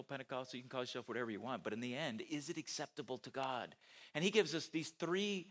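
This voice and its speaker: A pastor giving a conversational sermon at a church, with self-deprecating asides and rhetorical questions to the congregation. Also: male voice, mid-range voice, fairly bright tone.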